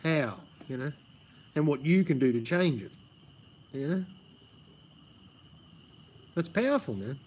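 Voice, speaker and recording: A man's voice: fairly high pitch, lively intonation, unhurried, long pauses, darkish tone, slight background noise. An Australian man hosting a live stream, rambling casually, swearing and saying "man" a lot, outdoors under a pergola. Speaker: livestream host.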